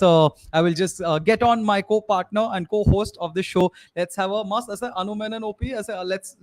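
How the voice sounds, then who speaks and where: A young Indian man with an Indian English accent hosting a live sports podcast, rambling with many fillers and slipping into Hindi. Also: high-pitched. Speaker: podcast host. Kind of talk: live-streamed casual sports chat.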